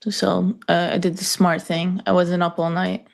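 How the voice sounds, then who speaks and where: A woman's voice: on the low side, flat delivery, moderate pace, gravelly. A woman co-hosting a live trading show, chatting casually with dry sarcastic asides. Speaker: co-host.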